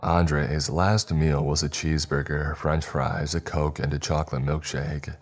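A man narrating a scripted horror story in a steady, brisk storytelling manner. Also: very deep voice, soft background music.

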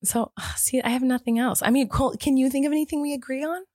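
A woman co-hosting a casual chat, telling stories in a chatty, animated way. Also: high-pitched, fast, no room sound, studio quality. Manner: chatty, animated storytelling with many "like"s. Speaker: podcast co-host.

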